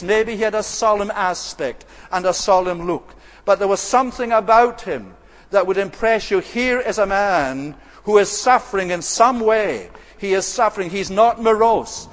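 A man preaching an expository sermon, measured and earnest, slowing down to dwell on quoted scripture. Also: sits high, in a large hall.

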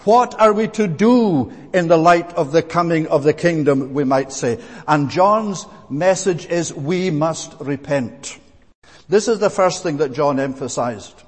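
A man's voice: fairly high pitch, expressive, unhurried, slightly rough. Emphatic preacher man in a reverberant hall. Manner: earnest, emphatic, with frequent "eh" fillers and restarts. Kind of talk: sermon.

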